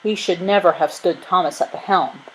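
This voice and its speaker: Woman doing a blunt grumbly sailor guy, storybook reading, low-ish voice. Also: normal speed, slight background noise, close to an everyday voice, low-quality recording. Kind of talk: storybook read-aloud.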